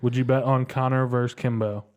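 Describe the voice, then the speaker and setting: A man co-hosting a podcast, retelling stories with animated jokes in casual chat. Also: mid-range voice, brisk, smooth. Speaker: podcast co-host.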